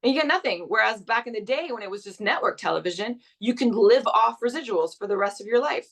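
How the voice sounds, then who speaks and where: A woman's voice: a little high, lively intonation, quick pace. A young adult woman from Canada, a guest actress chatting casually in an interview, full of restarts and fillers.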